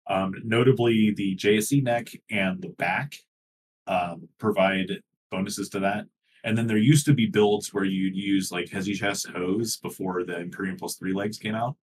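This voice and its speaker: A man's voice: sits low, steady tone, normal speed, a little hiss or hum. A man co-hosting a casual gaming podcast, explaining things at length with many fillers. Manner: explanatory, many ums and likes, laughs easily. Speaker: podcast co-host.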